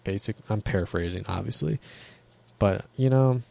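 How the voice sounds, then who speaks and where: A man's voice: lowish voice, normal speed, creaky, dark tone, no echo. A man ranting casually to camera in a blunt, profane, rambling way.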